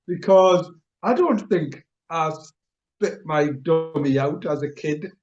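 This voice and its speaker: A middle-aged man tells stories in a casual chat, his voice sitting high for a man. He is animated and keeps chuckling at himself. The recording sounds dull and lo-fi. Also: slow pace, soft background music. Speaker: radio show host.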